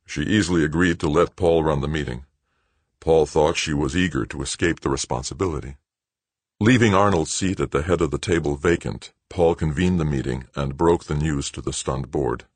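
A man narrating an audiobook in a measured, steady storytelling voice. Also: extremely low pitch, husky, dry recording. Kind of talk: scripted narration.

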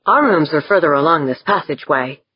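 A calm, sensible crewman keeping the group in line, as a woman narrator voices him. Her low, husky tone comes through slightly dull and dry. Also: a little fast, no room sound.

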